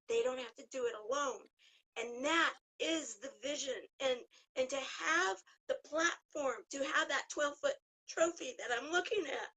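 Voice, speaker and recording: A woman with a bright, high voice speaks as a guest on a video call. She talks with deep passion and a tearful edge. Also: poor audio. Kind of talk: emotional interview talk.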